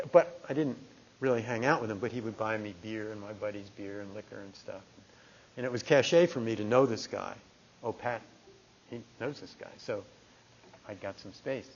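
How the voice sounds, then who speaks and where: A middle-aged man from New Jersey giving a meditation talk, telling a personal story in a lively conversational way. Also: medium pitch. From New Jersey, USA. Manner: conversational, animated storytelling with restarts. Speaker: meditation teacher. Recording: dull lo-fi talk recording.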